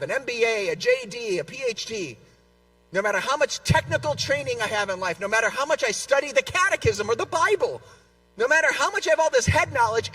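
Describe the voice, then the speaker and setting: Animated man telling a story in a hall. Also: high voice, recorded from a distance. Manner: animated, self-deprecating, stammers on repeats. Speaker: convention speaker. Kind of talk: storytelling talk to a live audience. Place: large convention hall.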